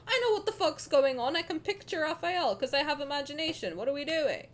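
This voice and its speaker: A woman streaming and chatting casually with her chat, animated and swearing freely, dropping to low mutters and then rising to loud outbursts. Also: brisk. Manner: reads chat questions aloud and answers them.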